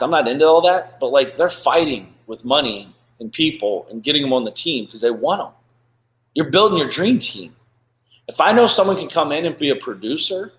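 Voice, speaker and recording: Blunt, profane man in an echoey room. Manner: blunt, profane and animated, with frequent "blah, blah" and "boom". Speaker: podcast host. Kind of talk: live-stream business talk.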